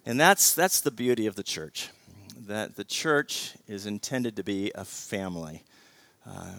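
A middle-aged pastor with a low voice preaches a sermon, swinging animatedly between loud emphasis and quiet intensity. He often repeats words and asks "right?"

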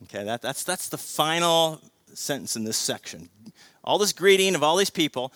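Middle-aged male pastor, energetic sermon delivery, tense and sharp tone, dry sound. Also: a little high, moderate pace, dry recording. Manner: animated, swings between loud emphasis and quiet intensity, repeats words, asks "right?".

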